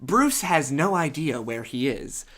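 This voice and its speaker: A man's voice: mid-range voice, very animated, a little slow, fairly bright tone. Chatty man hosting a fanfic reading. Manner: chatty, joking, reads aloud with asides. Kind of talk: casual comedic reading.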